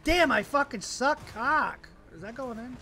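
A young man with an extremely high-pitched voice comments on his gameplay at a home computer, keeping a measured pace even as he swears and rants. He mocks his opponents and himself in excitable, profane outbursts, and there's a little hiss or hum.

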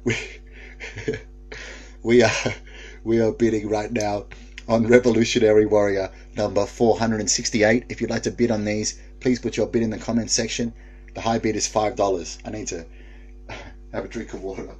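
Husky-voiced man reading live chat. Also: lowish voice, little pitch movement, moderate pace, a little mellow. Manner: reads viewer comments aloud, laughing often. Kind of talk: casual live stream chat.

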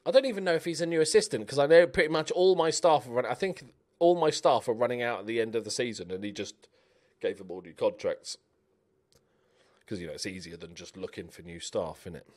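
A young man giving chatty, animated commentary while playing a game, cheering on his players. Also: medium pitch, brisk. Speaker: gaming YouTuber. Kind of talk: casual let's-play commentary.

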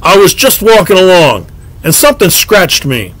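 A man's voice: high voice, huge pitch swings, normal speed, a bit bright, pitched above the performer's own voice, heavily acted. A man reading the part of a stubborn, skeptical boy who squawks blunt complaints. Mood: indignant.

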